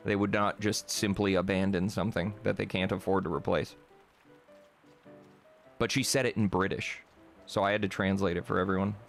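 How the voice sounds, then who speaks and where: A man's voice: low voice, fairly even intonation, moderate pace, vocal fry, long pauses, faint music behind. A man streaming a game, chatting and swearing casually as he plays. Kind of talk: casual gameplay commentary.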